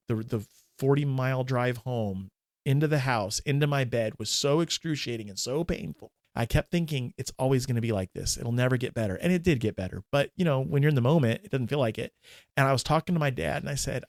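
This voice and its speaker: A man in his forties, a minister and podcast guest, telling a candid, emotional personal story in a halting way with many restarts. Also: mid-range voice, dry recording, clean studio sound.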